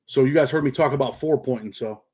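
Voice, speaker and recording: A man's voice: medium pitch, fast, mellow, slightly rough. Streetwise upstate New York man, slangy. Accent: upstate New York, slightly country. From Rochester, New York. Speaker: channel host and paralegal. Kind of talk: casual livestream chat, reading comments.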